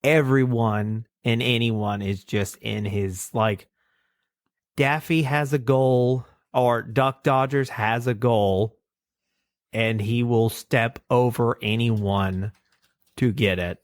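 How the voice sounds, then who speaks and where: Slow-talking man in casual podcast chat. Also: mid-range voice, steady tone, no room sound, studio quality. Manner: rambling, laughs at his own stories. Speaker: podcast co-host. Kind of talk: casual chat reviewing cartoons.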